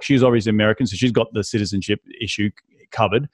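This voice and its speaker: A man's voice: on the low side, fairly even intonation, fast talker, darkish tone, no echo. An Australian man in his thirties, telling his story as a podcast guest in a casual, chatty way with frequent restarts.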